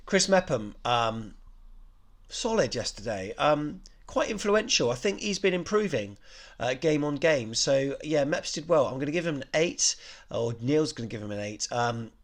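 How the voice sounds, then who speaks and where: A man's voice: mid-range voice, very animated, normal speed. A man hosting a football fan channel, rating players in a casual, rambling way, full of ums and you-knows and small self-corrections.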